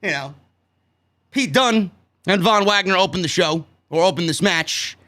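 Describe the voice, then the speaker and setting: A man with a New York accent reviewing a wrestling show in a loud, sarcastic, profane rant that breaks into shouts. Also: sits high, unhurried. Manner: loud, sarcastic, swears a lot, shouts often.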